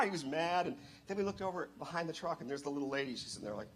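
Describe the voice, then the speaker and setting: Excitable man telling a story. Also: on the high side, fast talker, hardly any pauses. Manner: excitable, bursts into loud exclamations. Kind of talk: animated storytelling. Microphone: handheld microphone.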